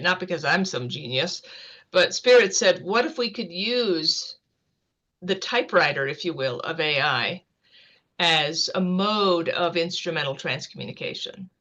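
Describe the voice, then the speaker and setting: Interview guest: American woman, low-pitched, rambling and quick, on a video call. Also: bright, forceful tone. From United States. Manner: fast, rambling, earnest. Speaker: guest author and scientist. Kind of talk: casual interview talk.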